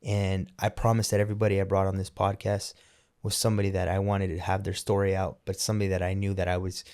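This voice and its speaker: A man's voice: deep voice, completely flat delivery, quick pace, a little mellow. A man hosting a podcast interview, talking in a casual, emphatic and opinionated way, often restarting his sentences. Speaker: podcast host.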